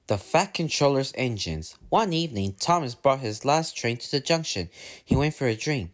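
A man's voice: mid-range voice, normal speed. A man reading a railway storybook aloud, doing voices for the characters. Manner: lively, puts on voices for characters. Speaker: narrator.

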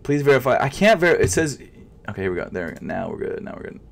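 A young man at a middle pitch talks to himself as he shops, nervous enough that he stutters. He flips from loud, exasperated outbursts to low mumbles under his breath. Keys clack in the background while he types. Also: very animated, quick pace, vocal fry. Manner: frustrated, muttering to himself, swings between loud outbursts and quiet mumbling. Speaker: sneaker vlogger. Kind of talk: casual live commentary while shopping online.

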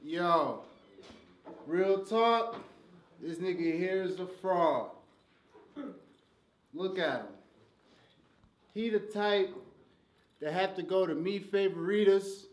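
Loud, mocking man rapping battle bars. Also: sits high, slow, long pauses, echoey room, slight background noise, low-quality recording. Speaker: battle rapper. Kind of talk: a cappella battle rap.

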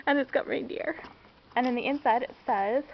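High and creaky, at a moderate pace, this young vlogger's voice gushes and giggles through a casual unboxing indoors at home. She squeals often and stays bubbly throughout, captured on dull lo-fi home camera audio with a faint hiss.

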